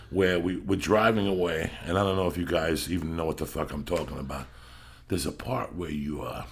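A middle-aged man with a very low, gravelly voice spins a rambling, swear-heavy story in casual podcast chat. He slips into loud bursts when he acts out what people said. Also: a little hiss or hum. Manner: profane, rambling, bursts into yelling when acting out quotes. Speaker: podcast host.

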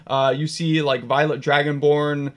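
A man's voice: fairly high pitch, flat delivery, unhurried. A man narrating as game master in a tabletop game, in a casual, filler-heavy way.

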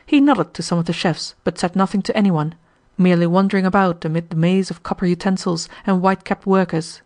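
A woman narrating an audiobook in a slightly lower voice. Her reading is measured and expressive, shaping each sentence with care.

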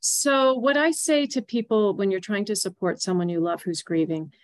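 A woman guest on a podcast interview, explaining grief support in an earnest, gently instructive way. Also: medium pitch, moderate pace. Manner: earnest, gently instructive, repeats key phrases. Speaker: grief guide.

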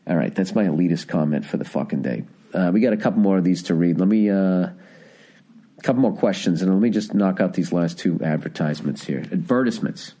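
A man in his forties rambles through a solo comedy podcast with a low voice. His tone is warm and relaxed, and his delivery is profane and animated. He keeps breaking off to correct himself. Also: a little fast. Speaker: podcast host.

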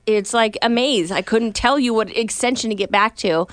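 A woman's voice: mid-range voice, normal speed, a little hiss or hum. A woman chatting casually on a talk show, rambling through stories and often saying "like". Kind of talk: casual chat.

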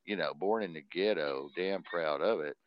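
Deep-voiced Texan man rambling. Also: moderate pace, highs cut off. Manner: rambling, laughs often, constant "you know". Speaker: host of a live talk stream. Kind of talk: casual rambling monologue.

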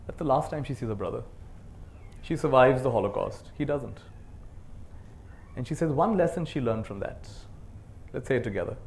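A man giving a dharma talk to a live group as a meditation teacher, earnest, swinging between soft and emphatic, and leading call-and-response. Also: mid-range voice, expressive, moderate pace, gravelly, long pauses, slight background noise. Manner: leads the audience in call-and-response.

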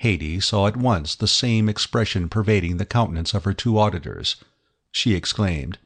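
Low-voiced male audiobook narrator. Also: expressive, moderate pace, a bit bright, breathy edge. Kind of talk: scripted narration of a classic novel.

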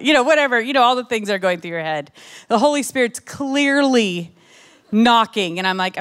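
A young adult woman giving an emotional, animated testimony sermon to a women's church gathering, with many asides to the crowd. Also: on the high side, brisk, smooth.

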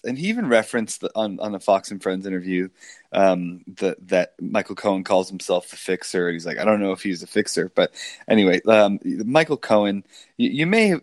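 A man with a low, deep voice talks loosely on a podcast and rambles through fillers while he mocks a political figure. The sound is dry and close, with no room around it. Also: normal speed, dry recording. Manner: mocking, rambling with many fillers. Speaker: podcast co-host. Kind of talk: casual political banter.

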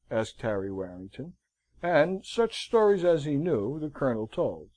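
Expressive man reading a classic novel. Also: on the high side, unhurried, poor audio. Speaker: audiobook reader.

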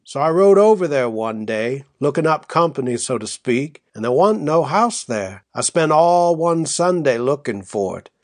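A man with a slightly high voice reads an audiobook very animatedly at a moderate pace with few pauses, voicing a folksy young frontier husband. The character speaks in a rustic drawl with dropped endings, spinning a homespun yarn to coax his wife. The studio-quality recording has no echo.

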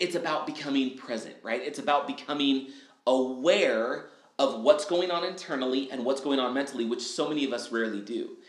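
A man talking on a podcast, lively and casual, who acts out little quoted lines in other voices. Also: mid-range voice, echoey room. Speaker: guest speaker. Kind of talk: energetic podcast interview.

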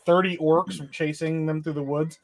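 A man's voice: a little high, fairly even intonation, normal speed. A man co-hosting a casual chat show, talking with sarcasm and swearing, acting out scenes he describes. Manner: profane, sarcastic, acts out scenes in voices. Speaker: podcast co-host.

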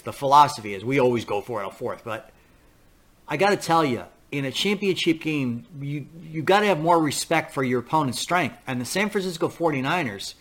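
A man hosting a talk podcast in a casual, rambling monologue, often restarting his sentences. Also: fairly high pitch. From New York area. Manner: rambling, repeats himself, acts out quoted voices. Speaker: podcast host.

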